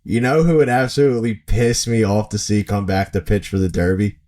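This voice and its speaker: A man's voice: lowish voice, fairly even intonation, a little fast, dark tone. A man co-hosting a podcast, chatting casually about baseball and acting out players' reactions with bursts of laughter. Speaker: podcast co-host. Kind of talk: casual sports chat.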